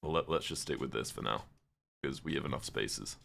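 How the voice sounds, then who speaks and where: A man's voice: rumbling low, a little fast, creaky, fairly bright tone, a little hiss or hum. A man from the UK, streaming a game and chatting casually with viewers, swearing now and then as he answers their questions. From United Kingdom. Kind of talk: casual live-stream chat while gaming.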